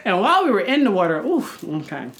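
A woman co-hosting a casual podcast, her voice swinging widely in pitch as she tells gossipy stories. She speaks at a middle pitch, loose with slang and swearing. A faint hiss sits under her voice. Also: fast. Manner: animated gossipy storytelling with frequent slang and swearing. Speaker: podcast co-host. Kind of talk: casual chat.

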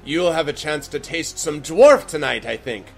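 A man's voice: on the high side, expressive, normal speed, creaky, breathy edge, soft background music, heavily acted. A man voicing a haughty, mocking female giant leader in a tabletop game. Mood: menacing. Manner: scornful, threatening.

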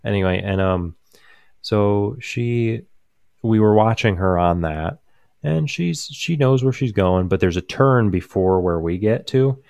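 A young man with a low, deep voice tells a rambling, amused story in a casual chat. He is recorded dry and close, with no room sound. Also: measured pace, creaky, a little mellow, no echo. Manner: rambling, amused, lots of fillers and restarts.

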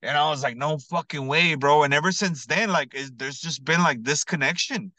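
A man's voice: fairly high pitch, fairly quick, no echo, low-quality recording. A man telling a personal story in casual, slangy podcast talk, peppered with "bro" and "you know what I mean", earnest and emphatic. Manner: earnest, builds to excited emphasis.

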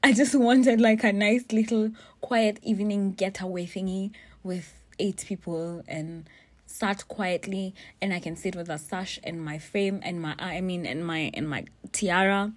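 A woman's voice: lowish voice, a little slow. Profane young woman telling stories. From Kenya. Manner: blunt, profane, animated storytelling. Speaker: vlogger. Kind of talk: casual storytelling monologue.

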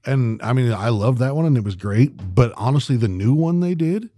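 A man co-hosting a podcast in casual chat, profane and rambling, getting animated as he retells movie scenes. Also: medium pitch, moderate pace, no room sound, studio quality. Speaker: podcast co-host.

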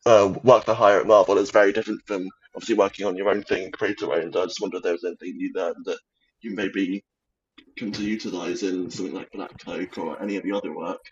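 A man's voice: deep voice, steady tone, quick pace, breathy edge. A man hosting a podcast, asking the guest questions in a hesitant way and restarting them. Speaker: podcast host. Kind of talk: interview questions. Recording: dull lo-fi sound.

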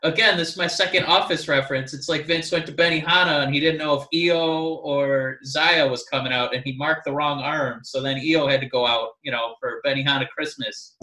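Animated rambling man in echoey room. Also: on the high side, brisk. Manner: rambling, animated, mock-crying impressions. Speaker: podcast co-host. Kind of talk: casual wrestling chat.

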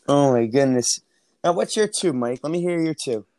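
A man's voice: fairly high pitch, expressive, normal speed, warm tone, no room sound. A man from New Jersey, a podcast guest, telling stories in casual chat with restarts and easy laughs, recorded at an outdoor barbecue on earbuds. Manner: storytelling, restarts, laughs easily.

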